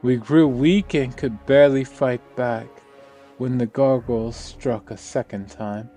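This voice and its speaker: A man's voice: mid-range voice, steady tone, a little slow, mellow, faint music behind, close to an everyday voice. A man reading a weary, grieving survivor woman. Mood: somber. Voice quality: subdued, somber storytelling. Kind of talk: reading game dialogue aloud.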